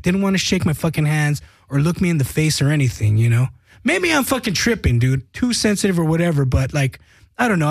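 Higher-voiced man telling profane stories. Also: gravelly, husky, no room sound. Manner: animated storytelling, profane, acts out quotes. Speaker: guest musician. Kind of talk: casual podcast chat.

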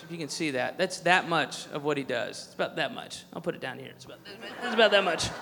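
A man's voice: fairly high pitch, background noise. A man doing a stand-up set, ranting in a profane, sarcastic way. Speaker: stand-up comedian. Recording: echoey hall with faint crowd.

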